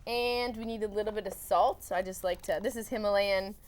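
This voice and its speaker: Chatty fast-talking woman demonstrating cooking. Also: mid-range voice, fairly even intonation. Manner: chatty, rambling, explains as she cooks. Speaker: cookbook author guest.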